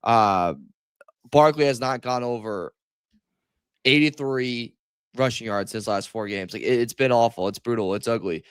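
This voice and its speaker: Smooth-voiced man talking sports. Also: medium pitch, moderate pace, dry recording. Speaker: podcast co-host. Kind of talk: casual sports podcast chat.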